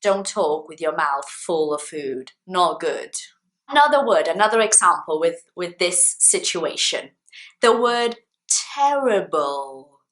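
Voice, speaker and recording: Slow, clear-speaking woman teaching English. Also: medium pitch, a bit bright. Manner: slow and clear, with playful example sentences. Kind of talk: English lesson to camera.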